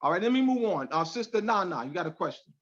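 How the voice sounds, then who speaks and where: A man's voice: high voice, big pitch swings, fast, a bit bright. A man teaching a class on a video call, speaking emphatically and repeating key phrases. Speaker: class instructor. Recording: dull lo-fi call audio.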